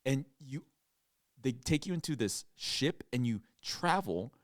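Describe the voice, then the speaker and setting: Young man, podcast co-host, casual chat, laughs often, lively pitch, dry close sound. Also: a little slow, no room sound. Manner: laughs often, animated retelling with acted-out quotes.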